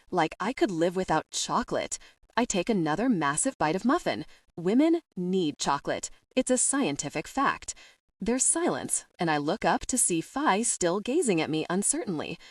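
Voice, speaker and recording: A woman narrating a first-person novel in an expressive storytelling voice. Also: fairly low pitch, no room sound, studio quality, far from the mic. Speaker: audiobook narrator.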